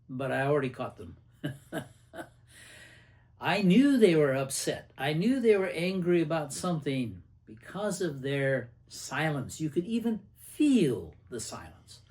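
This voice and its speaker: A man's voice: on the high side, big pitch swings, unhurried, a little mellow. An older man hosting a casual lesson on anger, talking conversationally and acting out little anecdotes and quotes. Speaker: host and anger management teacher. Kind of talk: casual teaching talk to camera.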